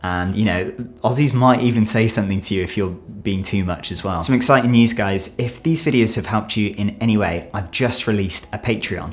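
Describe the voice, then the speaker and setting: A young British man chatting to camera in an earnest, animated way, now and then acting out little voices, recorded on a studio mic. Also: fairly low pitch. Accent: British English. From Britain. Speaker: travel YouTuber. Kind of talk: direct-to-camera vlog. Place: home studio.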